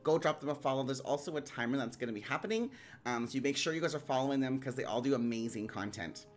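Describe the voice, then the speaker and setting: A woman hosting a live stream, excitable and bubbly, rambling casually and giggling often. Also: very deep voice, fast, faint music behind. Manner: rambling, lots of "like" fillers. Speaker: streamer hosting a round table.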